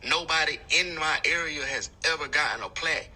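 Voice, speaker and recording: A man's voice: a little high, brisk, pushed and bright, husky, poor audio. A man arguing back defensively in blunt, slangy talk. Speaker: rapper in a feud. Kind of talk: defensive argument.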